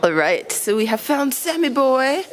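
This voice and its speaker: A woman's voice: sits high, big pitch swings, measured pace. Upbeat woman giving a walking hotel tour. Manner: upbeat, chatty tour guiding. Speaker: travel vlog host. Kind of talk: walking room-tour narration. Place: old haveli hotel, stairs and courtyards. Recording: noticeable background noise.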